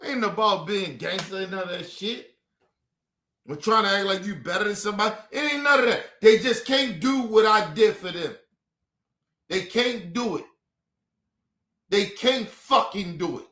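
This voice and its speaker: A man's voice: sits high, moderate pace, long pauses, sharp tone, roomy sound. A man streaming a heated, profane rant, repeating himself over and over to his viewers. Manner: profane and repetitive, talking to the viewers.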